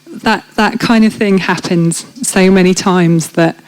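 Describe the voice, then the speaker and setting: A woman's voice: lowish voice, steady tone, unhurried, darkish tone, poor audio. A woman, speaking frankly and chattily, with many fillers, as she gives a faith testimony in an interview. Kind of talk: casual conversational testimony. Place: church event.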